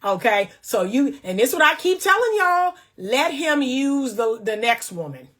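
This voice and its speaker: Woman coach preaching at her viewers, kinda high voice, blunt and emphatic. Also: very animated, moderate pace, fairly bright tone. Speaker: relationship coach. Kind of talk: casual faith-based commentary.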